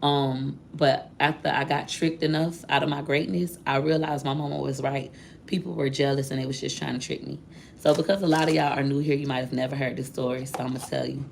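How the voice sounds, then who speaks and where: A woman with a low, gravelly voice telling her viewers a personal story. She talks candidly and directly to them, in a loose, chatty way. A faint hiss sits under the recording. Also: steady tone, brisk. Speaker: vlogger.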